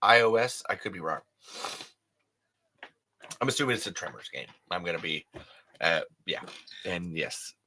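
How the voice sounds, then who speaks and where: A man's voice: deep voice, animated, moderate pace, long pauses, bright, forceful tone. A man hosting a podcast, rambling and affectionate as he chats with listeners. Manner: rambling, affectionate, swears, restarts. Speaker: podcast host. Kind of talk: casual chat reading comments.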